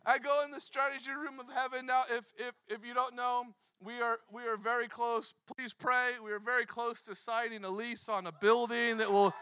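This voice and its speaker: A pastor in his thirties telling a story in a sermon, animated, acting out quotes and laughing often. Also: very high voice, normal speed, few pauses, clear, resonant tone, no room sound.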